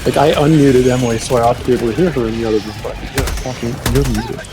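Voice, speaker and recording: A man's voice: medium pitch, very fast. A man chatting casually on a voice call, offhandedly talking a friend through computer settings. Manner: offhand, talks someone through tech steps. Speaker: friend on voice chat. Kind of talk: casual chat.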